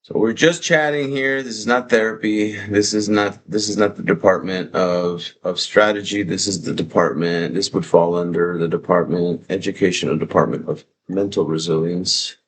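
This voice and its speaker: A man hosting a livestream, talking in a casual, excitable, rambling way with plenty of swearing, into a desk mic at his home setup. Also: low-pitched, normal speed, hardly any pauses, a little hiss or hum. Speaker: livestream host. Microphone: desk microphone.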